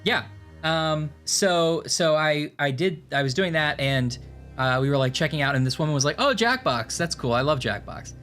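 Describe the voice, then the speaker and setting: A man's voice: a little high, fairly even intonation, moderate pace, fairly bright tone. A man hosting a game stream, telling rambling stories in casual chat with many fillers, faint music behind him. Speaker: stream host.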